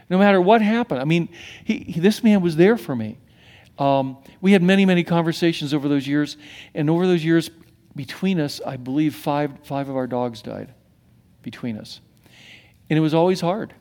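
A middle-aged man preaching a sermon as pastor, animated and swinging from hushed to emphatic, with many restarts. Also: on the high side, moderate pace.

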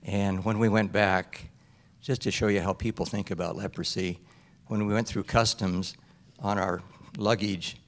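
A man's voice: on the low side, steady tone, a little slow. A male missionary guest at a church telling a short, plain anecdote. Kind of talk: storytelling.

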